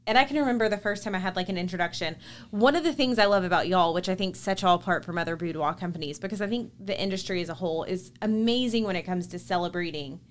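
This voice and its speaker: A woman's voice: on the low side, fast. Chatty woman host. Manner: chatty, enthusiastic, lots of "like". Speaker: podcast host. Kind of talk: casual chat.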